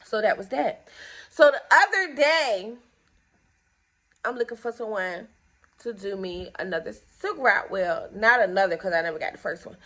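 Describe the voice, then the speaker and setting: This young woman has a mid-range voice and a moderate pace. Recounting a story time for her viewers, she sounds exasperated and indignant in a casual way, bringing both sides of each exchange to life animatedly.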